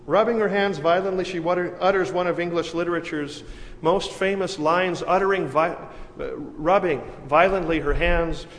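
A pastor delivers a sermon in a somewhat high voice, drawing out key phrases with deliberate pauses. His words ring with a long reverb through a church, over a faint hiss of background noise. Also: a bit bright. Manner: measured, dramatic pauses with slowed emphasis.

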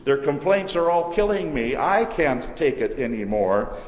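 A preacher voicing a distraught old prophet. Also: male voice, on the high side, very animated, unhurried, a little mellow. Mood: anguished pleading. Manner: pleading, lamenting in old-fashioned speech. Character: distraught, self-pitying ancient prophet man. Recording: echoey church hall with long reverb.

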